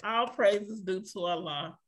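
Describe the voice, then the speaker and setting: A woman with a medium-pitched voice speaks at a measured pace while hosting an online school assembly over a video call. Warm and emotional, she thanks each person by name and often uses religious praise phrases.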